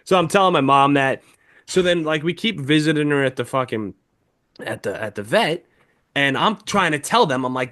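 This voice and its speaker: A man's voice: fairly high pitch, lively intonation, normal speed, a bit bright. A young man, a podcast co-host, telling an emotional story in casual chat, swearing heavily as he talks.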